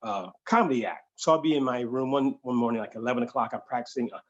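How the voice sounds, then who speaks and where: A man telling a funny true story to an audience, animated and conversational, slipping into voices. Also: medium pitch, fast talker, dull audio. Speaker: solo performer and storyteller. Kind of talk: comedic live-streamed storytelling.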